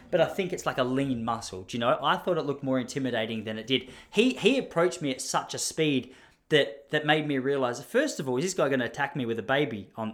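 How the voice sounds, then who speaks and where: An Australian man in his thirties, telling a casual story in a rambling, self-deprecating way with many asides. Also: medium pitch. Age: 30s.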